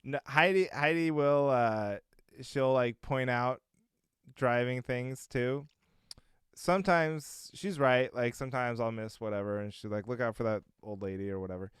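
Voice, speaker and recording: A man in casual podcast chat with a smooth, resonant voice and a dry, close sound. He rambles, fills pauses and chuckles as he goes. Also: mid-range voice, dry recording. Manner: rambling, chuckling, lots of fillers. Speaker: podcast co-host.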